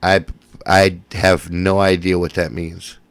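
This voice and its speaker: Man, laid-back casual chat, slow unhurried talk, dry close mic, smoker's cough. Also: low-pitched, little pitch movement, dry recording. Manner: laid-back, swearing, laughing often. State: coughing, smoking.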